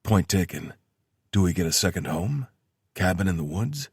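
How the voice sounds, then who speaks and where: A wry soldier jokes with his lover in a deep, low voice with a husky edge, as a male narrator reads him. The banter is dry and deadpan, close and without room sound. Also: moderate pace, no echo, full character voice.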